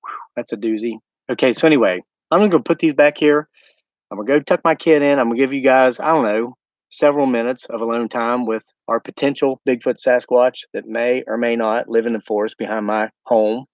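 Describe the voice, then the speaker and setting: A man's voice: medium pitch, steady tone, fairly quick, dry recording, lo-fi sound. An American man hosting a casual homesteading livestream at night outdoors, chatting and rambling to his live viewers. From United States.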